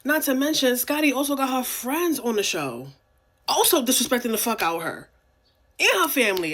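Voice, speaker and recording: A young woman podcast co-host from New York City, her voice sitting a little high. She rants in a blunt, profane, animated way. The talk is loose, casual commentary on a reality show. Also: fairly quick.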